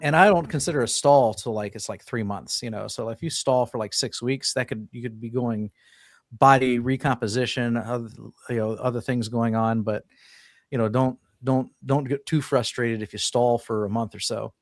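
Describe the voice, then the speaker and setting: Relaxed man explaining diet tips. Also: mid-range voice, normal speed, no room sound, studio quality. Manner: explaining in a relaxed, conversational way with fillers. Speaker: podcast co-host. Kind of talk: casual chat.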